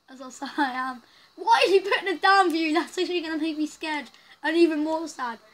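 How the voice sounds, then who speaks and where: A woman's voice: very high voice, a little fast, poor audio. A woman giving casual, rambling commentary while playing a story game, reacting aloud as she goes. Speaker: gaming channel host. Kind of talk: casual let's-play commentary.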